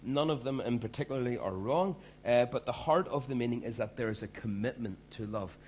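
A man's voice: mid-range voice, brisk, darkish tone, slight background noise. Conversational male pastor preaching. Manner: conversational, emphatic. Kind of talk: sermon.

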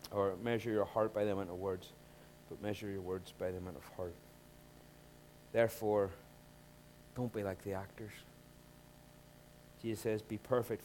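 A man preaching a sermon, talking in an animated way and rising to loud emphatic bursts when he acts out scenes. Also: on the low side, a little hiss or hum. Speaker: pastor.

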